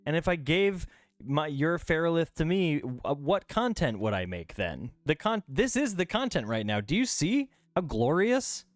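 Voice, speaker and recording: A man's voice: a little high, big pitch swings, moderate pace, no echo, faint music behind. A man streaming a video game from home, chatting casually in a playful, rambling way. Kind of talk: casual gameplay stream chat. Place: home room.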